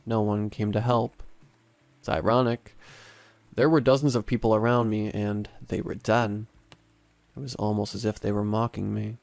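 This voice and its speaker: A man narrating a first-person horror story in a measured, dramatic way. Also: fairly low pitch, level tone, gravelly, a little mellow, no echo.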